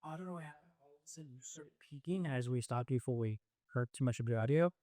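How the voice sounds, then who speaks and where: A man hosts a podcast from a studio, talking in a casual, rambling way as he sorts out an audio problem. His voice sits at an ordinary middle pitch. The room sounds dry and close, with no echo. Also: fast, mellow. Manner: fussing over audio levels, loose and chatty. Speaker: podcast host.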